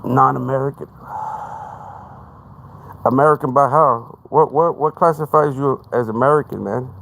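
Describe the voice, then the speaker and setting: A man's voice: medium pitch, moderate pace, creaky, fairly bright tone. A man with a Texan accent hosting a live podcast, talking in a rambling monologue that stumbles over repeated words and keeps saying "man.". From Texas. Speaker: podcast host.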